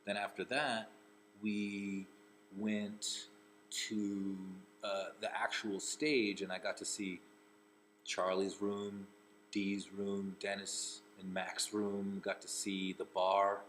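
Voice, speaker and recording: A low-voiced man from Rhode Island, a comedian and actor, tells a personal story in a loose, casual way. He rambles, circling back and restarting phrases as he goes, with a faint hiss of noise behind him. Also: flat delivery, takes it slowly, fairly bright tone, poor audio.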